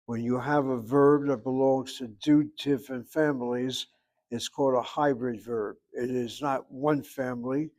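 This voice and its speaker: A man lectures a class on Hebrew verb forms, laying out each rule step by step. He slips in dry, wry remarks and calls on students by name. His voice sits at an everyday middle pitch. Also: fairly even intonation, unhurried, darkish tone. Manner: explanatory, wry asides, addresses students by name. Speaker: Hebrew teacher.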